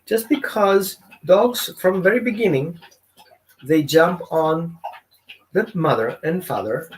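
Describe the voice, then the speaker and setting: Guy dog trainer explaining stuff, kinda high voice, keeps asking the crowd questions. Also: a little hiss or hum. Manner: conversational, asks the audience questions. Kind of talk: informal teaching talk.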